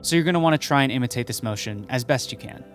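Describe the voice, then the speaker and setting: A man explaining a card move step by step, calmly, as the host of a magic tutorial. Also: medium pitch, rapid-fire, soft background music. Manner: joking storyteller, acts out dialogue; calm step-by-step instruction. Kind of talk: stand-up comedy bit, then tutorial instruction.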